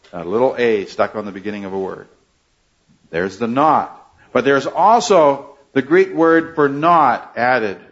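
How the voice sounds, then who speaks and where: A man's voice: on the low side, a bit bright, dull audio. A man preaching an expository sermon, teaching earnestly and pressing hard on key phrases.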